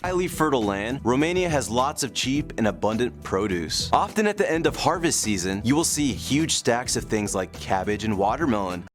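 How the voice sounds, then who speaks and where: A young man hosting a geography show, narrating a script in a lively, joking way. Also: mid-range voice, moderate pace, few pauses, faint music behind.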